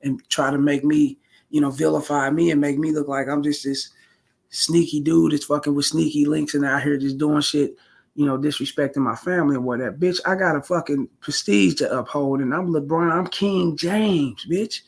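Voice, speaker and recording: An indignant pro basketball star lashes out at his wife, defensive and profane, as a man puts him on. His voice is gravelly and husky and sits a little high. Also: steady tone, normal speed.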